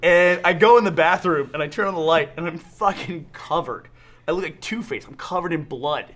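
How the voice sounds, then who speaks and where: A man's voice: a little high, moderate pace, fairly bright tone. A man co-hosting a podcast, telling a profane story in casual chat and laughing often. A crowd can be heard in the background. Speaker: podcast co-host.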